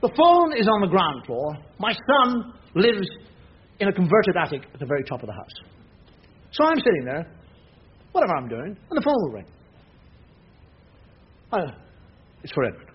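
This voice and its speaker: A middle-aged man doing stand-up comedy, telling a story in an animated way, dropping to a mutter and bursting into shouts. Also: sits high, normal speed, pauses often, slightly rough. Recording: lo-fi live club recording. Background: loud audience laughter and noise.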